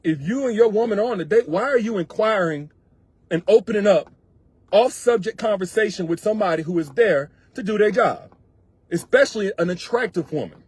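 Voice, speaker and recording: A man's voice: sits high, lively intonation, brisk, darkish tone, slightly rough, no echo. A man working as a relationship coach, giving emphatic, repetitive, colloquial advice straight to his viewers. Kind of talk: direct advice monologue to viewers.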